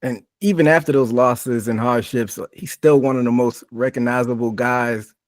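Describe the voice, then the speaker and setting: This is a man who hosts a podcast and steers the chat. He talks in an easygoing, casual way at a mid pitch. The sound is dry and close, with no room echo. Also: normal speed. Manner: relaxed, casual, uses fillers. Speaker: podcast host.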